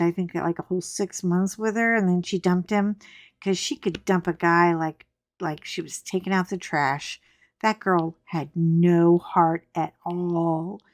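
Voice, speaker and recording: Middle-aged female host, casual coloring chat; unhurried delivery, blunt and gossipy, dry room. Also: mid-range voice, fairly bright tone, no echo. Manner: gossipy, frank storytelling.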